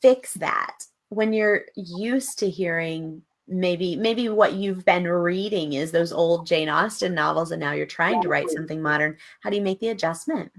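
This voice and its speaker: A woman's voice: lowish voice, normal speed, few pauses. A woman co-hosting a writing workshop who asks follow-up questions and encourages the participants. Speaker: workshop co-host. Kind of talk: casual teaching chat.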